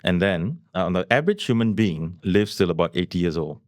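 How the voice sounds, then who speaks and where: A man's voice: low voice, expressive, brisk, darkish tone, no room sound, studio quality. A man, a business coach guest on a podcast, telling stories animatedly, laughing often and repeating key phrases. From Malaysia. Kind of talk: podcast conversation.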